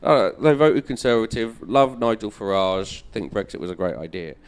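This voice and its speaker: A comedian hosting a political chat show, blunt and profane, ranting about politics. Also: male voice, lowish voice, normal speed, smooth. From England. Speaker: comedian and podcast host.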